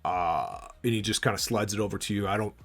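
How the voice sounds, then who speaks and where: A man narrating a tabletop game as game master, relaxed and halting with many fillers. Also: on the low side, creaky, faint music behind.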